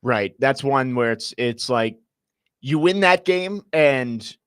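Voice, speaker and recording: A man in the middle register hosts a sports talk show, brisk and upbeat, dropping in fillers as he moves between topics. He is close to a studio microphone with a dry, plain sound. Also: mid-range voice, expressive, smooth, no echo. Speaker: sports radio host. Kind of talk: radio hosting and live read.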